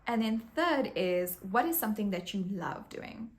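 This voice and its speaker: A young woman in her twenties talking to camera about personal goals in a friendly, upbeat way. Her voice sits at an ordinary middle pitch, and she talks in a loose, conversational style with the odd restart. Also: animated, normal speed. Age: 20s. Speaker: YouTube creator. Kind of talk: casual advice vlog.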